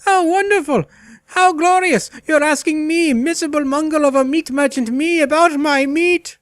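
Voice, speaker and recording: A man puts on a fawning market merchant in a fantasy adventure game, his voice jumping up high and ringing loud. He gushes and grovels, piling flattery on each customer. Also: normal speed, dry recording, clean studio sound. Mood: gushing. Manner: fawning, gushing alliteration, squealing delight. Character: groveling, overeager male meat merchant.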